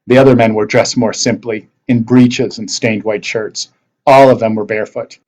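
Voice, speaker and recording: A man's voice: on the low side, moderate pace, poor audio. Man teacher reading a novel aloud. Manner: expressive read-aloud narration.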